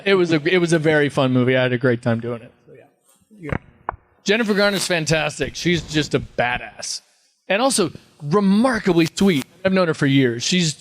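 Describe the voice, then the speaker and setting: Chatty storytelling man, higher voice. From Texas. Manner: rambling storyteller, slips into impressions and laughs. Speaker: convention panel guest. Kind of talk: casual anecdotal Q&A.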